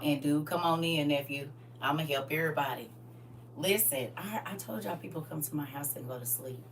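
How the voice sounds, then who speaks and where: A middle-aged woman preaching through funny stories, chatting directly with the crowd and now and then bursting out loudly. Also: sits low, fairly quick. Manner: lively and chatty, teasing the crowd directly, sudden loud outbursts. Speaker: speaker at a live church gathering. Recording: far-off mic with faint hum.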